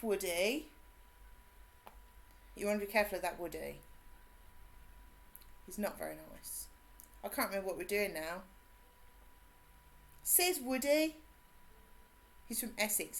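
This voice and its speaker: An English woman whose accent blends Suffolk, Cockney and a Brummie twang. She chats in a bubbly way with her viewers while streaming a game. She greets people warmly by name and laughs often. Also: medium pitch, animated, unhurried, pauses often, a little hiss or hum. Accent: English, mixed Suffolk, Cockney and Brummie. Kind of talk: casual live-stream chat.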